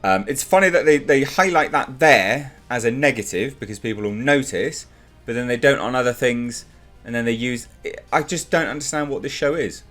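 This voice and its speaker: A man's voice: moderate pace, fairly bright tone, faint music behind. A man reviewing a TV show in a ranting vlog, sarcastic and exasperated, swearing and repeating himself for emphasis. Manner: exasperated, sarcastic, mocks characters in high put-on voices.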